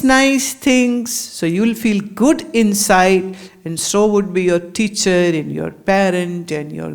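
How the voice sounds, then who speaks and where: Woman giving a spiritual talk. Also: mid-range voice. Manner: storytelling, addressing the listeners directly. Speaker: spiritual teacher.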